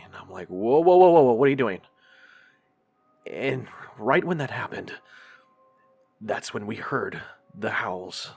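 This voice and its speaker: A man with a lowish voice narrates a first-person horror tale in a measured, unhurried way. Faint music plays softly beneath his voice. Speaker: horror podcast host reading stories.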